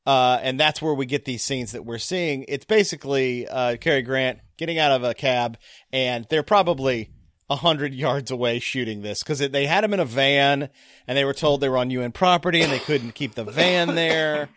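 A man's voice: mid-range voice, moderate pace, fairly bright tone, no echo, studio quality. A man co-hosting a casual film podcast, talking in a jokey, rambling way that often breaks off and restarts. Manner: jokey, rambling, self-interrupting. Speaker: podcast co-host. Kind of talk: casual chat about film.

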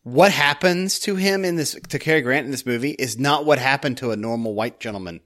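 A man's voice: medium pitch, fairly quick, fairly bright tone. A young adult man co-hosting a podcast, chatting casually and jokily about a classic film. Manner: jokey, slips into playful put-on voices. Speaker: podcast co-host. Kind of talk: casual movie chat.

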